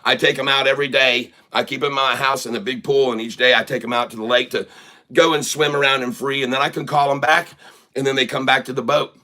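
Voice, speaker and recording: Man voicing an old fisherman, sly, earnest, protesting, bright voice. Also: medium pitch, steady tone, fast, close to an everyday voice. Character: sly old male fisherman, playing innocent.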